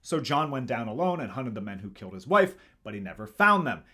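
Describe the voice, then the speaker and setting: A man's voice: mid-range voice, sing-song, fairly quick, bright, forceful tone. A man hosting a comedic movie review, narrating the plot with sarcastic asides. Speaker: host.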